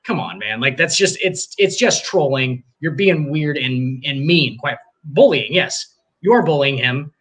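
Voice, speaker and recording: A man's voice: medium pitch, lively intonation, unhurried, a bit bright, breathy edge. A man co-hosting a sports podcast, talking casually with profanity and frequent restarts. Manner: rambling, profane, restarts often. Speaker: podcast co-host.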